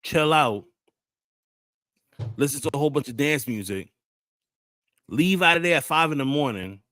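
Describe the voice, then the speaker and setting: A man's voice: on the high side, animated, moderate pace, fairly bright tone, no room sound, studio quality. A man, hosting a casual talk show and telling loose, slangy stories full of acted-out quotes. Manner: loose storytelling with crude slang, acts out quotes. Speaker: podcast host. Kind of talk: casual chat.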